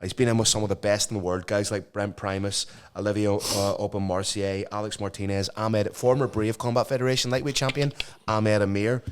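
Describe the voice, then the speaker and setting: A man's voice: on the low side, little pitch movement, fairly quick, clear, resonant tone. A man co-hosting a podcast, with dry, wry humour and a habit of reeling off fight statistics. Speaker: podcast co-host. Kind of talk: casual banter.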